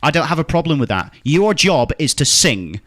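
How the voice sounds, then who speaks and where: A man's voice: on the high side, big pitch swings, moderate pace, a bit bright, no room sound, clean studio sound. Fired-up man arguing his case. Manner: passionate, swearing, emphatic and repetitive. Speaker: podcast host, debater. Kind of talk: casual debate chat.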